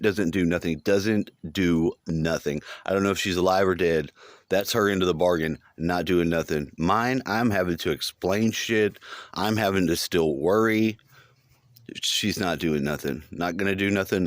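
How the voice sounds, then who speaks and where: Rambling low-voiced man, dry sound. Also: no echo. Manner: rambling, swears a lot, repeats phrases. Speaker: vlogger recounting a dream. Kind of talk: casual monologue.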